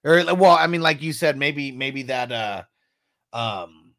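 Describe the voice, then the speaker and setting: Gravelly man chatting about a movie. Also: mid-range voice, expressive, takes it slowly, a bit bright, dry recording, studio quality. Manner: laughs often, fillers, imitates punch sounds. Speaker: podcast co-host. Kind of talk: casual movie review chat.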